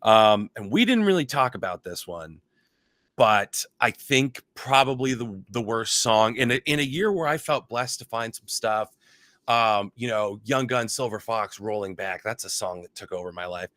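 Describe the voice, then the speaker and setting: Podcast co-host, male, bright tense tone, dry mic, animated profane chatter. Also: on the low side, moderate pace, dry recording. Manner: animated, profane, does mocking voices. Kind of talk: casual chat.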